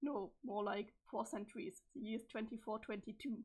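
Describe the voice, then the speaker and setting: A woman reading the part of a calm, cryptic teenage boy from the future in a webcomic, in a flat, measured delivery with a strained voice. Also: a little high, breathy edge. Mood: deadpan. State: strained, failing voice. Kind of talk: reading a webcomic's chat logs aloud.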